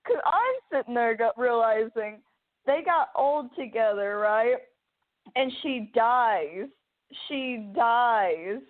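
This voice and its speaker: A woman's voice: fairly high pitch, takes it slowly. Young woman host rambling in casual chat, lots of restarts, sounds thin and phone-like. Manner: rambling, emotional, many restarts. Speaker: podcast host. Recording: phone-like narrow band.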